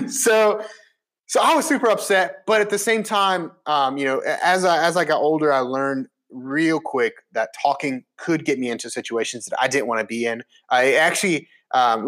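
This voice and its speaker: A man in his twenties telling a casual personal story, chatty and animated with many fillers and restarts. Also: mid-range voice. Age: 20s.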